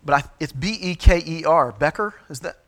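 A middle-aged man as a pastor, giving a sermon-style teaching talk, halting with frequent fillers and restarts. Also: on the high side, a bit bright.

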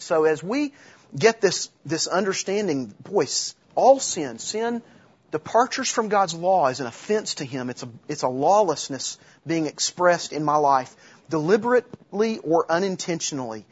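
Middle-aged male preacher, husky and slightly high, chatty sermon delivery with rhetorical questions. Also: highs cut off. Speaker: pastor.

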